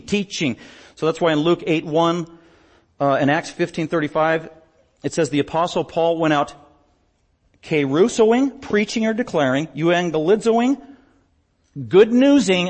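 A man preaching a sermon as pastor, emphatic, swinging between loud declarations and quiet asides. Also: a little high. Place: church stage.

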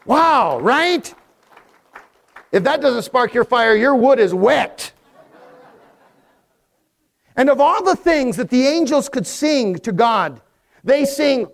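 A man's voice: very high voice, very animated, slow, gravelly, pauses often. A male pastor preaching a sermon, building emphatic crescendos and calling for congregation responses.

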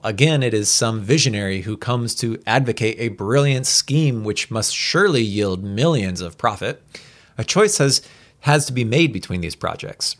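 A man casually reading an old story aloud, re-reading stumbles and adding quick asides. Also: on the low side, fairly bright tone. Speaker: reader.

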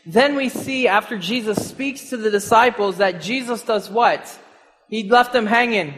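A man's voice: high-pitched, a little slow, big-room sound. A man preaching a sermon, asking his listeners questions and chuckling now and then. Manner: animated, rhetorical questions, chuckles often.

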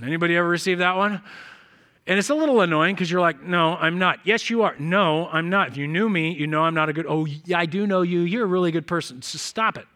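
A male pastor delivers a sermon in a chatty, storytelling way, slipping into quick snatches of acted-out dialogue. His voice sits high for a man and sounds bright. It is preached in a church.

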